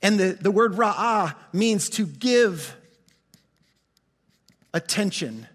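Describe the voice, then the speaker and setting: A man preaching a sermon as pastor, animated, often restarting words and asking his congregation questions. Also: sits high, very slow, breathy edge, in a large hall.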